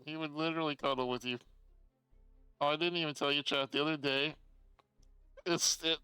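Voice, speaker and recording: Chatty male streamer with a slightly high, very clear voice, reads chat aloud, swears freely; dry home setup. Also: sharp tone, no echo, rough recording. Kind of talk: casual live-stream chat.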